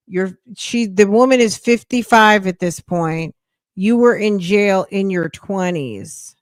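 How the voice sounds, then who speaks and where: A woman hosts a reaction podcast, commenting bluntly and in disbelief. Her voice sits at a middle pitch and is recorded dry and close. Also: no room sound.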